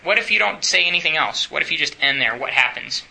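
A man's voice: a little high, animated, fast, gravelly, bright, forceful tone, low-quality recording. A man teaching a church class in a chatty way, often asking the room questions and laughing.

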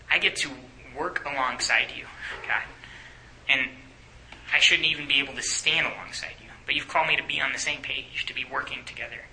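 Bright, animated male campus preacher. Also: mid-range voice, rough recording. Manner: animated, often dropping to a whisper. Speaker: campus ministry speaker. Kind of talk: sermon.

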